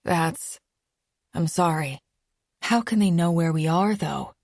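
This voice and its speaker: Woman reading as young man, easygoing boyfriend, teasing, scoffing, lowish voice, dry studio. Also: slow, vocal fry, darkish tone, dry recording, exaggerated voice. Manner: casual, teasing, mildly scoffing. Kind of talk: audiobook character voice.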